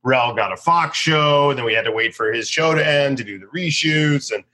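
Bright-voiced rambling male comedian. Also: medium pitch, moderate pace. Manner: rambling and animated, acts out voices in bursts. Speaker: comedian guest. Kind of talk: casual storytelling interview.

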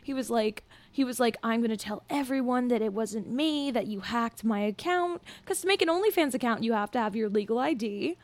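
A woman's voice: a little high, animated, fairly quick, hardly any pauses. A young woman in a casual podcast chat, telling a story with lots of filler words. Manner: chatty, filler-heavy storytelling. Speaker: podcast guest.

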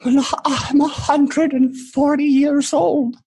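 A man's voice: little pitch movement, slow pace, dark tone, dry recording, exaggerated voice. A man voicing a frail, weepy 140-year-old man at his last meal, quavering and whimpering. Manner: quavering, whimpering, then shrill pleading. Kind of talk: improvised comedy sketch.

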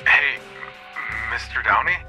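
A man's voice: mid-range voice, expressive, over music, voice pushed up, close to an everyday voice, poor audio. A man voicing a nervous, hesitant store clerk who stammers politely in a storybook horror tale. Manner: halting, stammering speech.

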